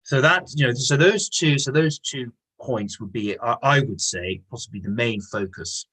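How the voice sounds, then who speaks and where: A husky man of middle pitch teaches an English lesson online. He explains in stops and starts, repeating words, and slips into acted voices when he reads dialogue aloud. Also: normal speed, a bit bright, rough recording.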